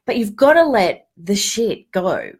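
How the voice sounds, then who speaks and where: A hoarse Australian woman with a cold hosts a casual motivational live chat from home. She talks candidly and chattily, restarting her sentences and dropping the occasional swear word. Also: medium pitch, wildly swooping pitch, measured pace. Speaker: host of a live stream.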